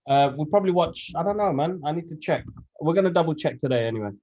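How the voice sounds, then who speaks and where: A man, co-hosting a casual podcast chat, animated and slangy. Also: a little high, fast, lo-fi sound. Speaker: podcast co-host.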